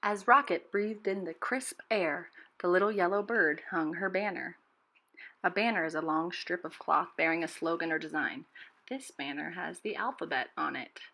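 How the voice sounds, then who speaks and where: A preschool teacher reading a storybook aloud to children and clearly explaining new words. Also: female voice, fairly low pitch, normal speed, sharp tone. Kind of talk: storybook read-aloud lesson.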